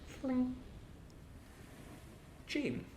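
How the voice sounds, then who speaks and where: A man voicing a wounded, sly old male pirate with an attempted Cockney accent, low and mumbling. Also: very animated, very slow, darkish tone, a little hiss or hum, heavily acted.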